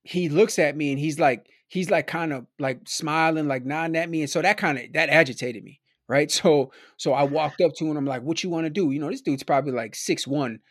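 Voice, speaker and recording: Man from Milwaukee, loose casual storyteller, leans on "like" and "right?", lightish pitch, dry close mic. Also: a little fast, few pauses, no echo. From Milwaukee, USA. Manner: rambling, peppered with "like" and "right?". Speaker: podcast guest.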